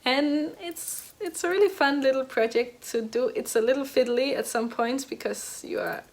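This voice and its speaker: Young woman chatting about knitting at home, rambly, kinda high voice. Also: moderate pace. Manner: chatty, rambling, many fillers and restarts. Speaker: knitting podcast host. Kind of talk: casual chat.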